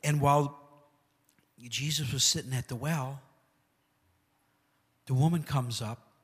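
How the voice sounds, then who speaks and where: A man preaching a sermon with animated asides like "come on" and "amen," retelling scripture stories in a casual voice. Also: mid-range voice, slow, pauses often, husky. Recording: long hall reverb.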